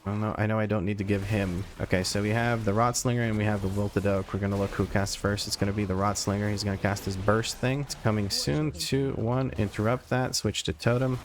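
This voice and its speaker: A man's voice: on the low side, slight background noise. A man giving casual, profane play-by-play commentary on his own gameplay, and he often mocks himself. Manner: rapid play-by-play, swearing, self-deprecating.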